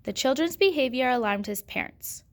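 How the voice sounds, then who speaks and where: A woman's voice: sits high, animated, moderate pace. A woman teaching a grammar lesson, patiently asking questions and answering them herself.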